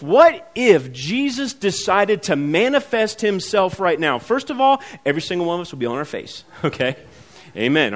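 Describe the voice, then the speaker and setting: High-voiced man preaching a lively sermon. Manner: conversational preaching, acts out quoted voices, builds to emphatic peaks. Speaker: pastor. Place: church sanctuary.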